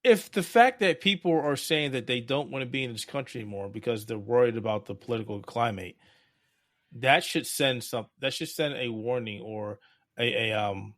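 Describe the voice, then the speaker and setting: A man talking casually as a podcast guest, who gets frustrated and loud about politics. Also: medium pitch, normal speed, no room sound, studio quality.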